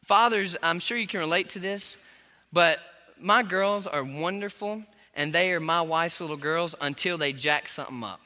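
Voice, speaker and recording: A male pastor preaching a sermon in a large church hall, with sudden surges of loud emphasis. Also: high-pitched, normal speed. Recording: long hall reverb.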